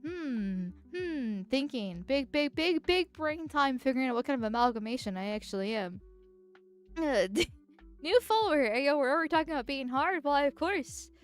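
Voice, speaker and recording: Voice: high voice, animated, moderate pace, soft background music. A political vtuber streamer chatting casually and reading chat, speaking through a voice changer in a rambling, giggly way. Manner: rambling and giggly, with frequent restarts.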